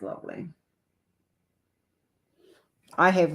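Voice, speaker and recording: Chatty middle-aged woman host of a live chat stream, fairly low voice, laughs easily. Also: moderate pace. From Australia or New Zealand. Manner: chatty, affectionate, laughs often. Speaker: livestream host. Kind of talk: casual live chat with viewers.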